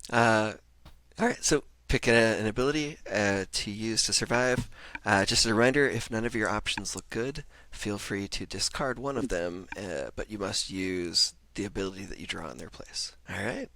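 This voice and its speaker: A man's voice: on the low side, moderate pace, pushed and bright, no echo. A man running an online tabletop game as game master, playful and laughing between rules reminders on a video call.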